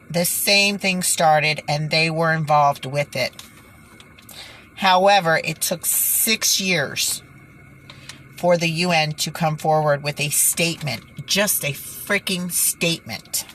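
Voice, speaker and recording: A woman's voice: sits low, slow pace, fairly bright tone, a little hiss or hum. A woman hosting her own channel, talking in an exasperated, indignant way, sighing and stumbling over words as she reads from news reports. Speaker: channel host. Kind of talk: indignant vlog commentary.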